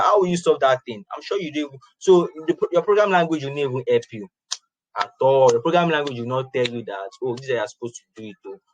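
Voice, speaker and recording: A man teaching beginners to code in a loose, conversational way. He circles back and repeats phrases as he explains, at an ordinary mid pitch. The room sound is dry and close. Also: dry recording, low-quality recording. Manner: chatty, repeats and restarts phrases, laughs often. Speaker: programming instructor. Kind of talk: informal classroom lecture.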